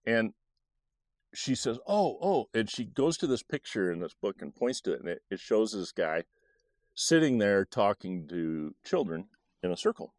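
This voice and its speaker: A middle-aged man tells a story from his own childhood, his pitch rising and falling in a lively, animated sweep. He recalls it haltingly, restarting phrases often, and the recording is dry and close, with no room sound. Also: no room sound. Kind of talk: personal storytelling.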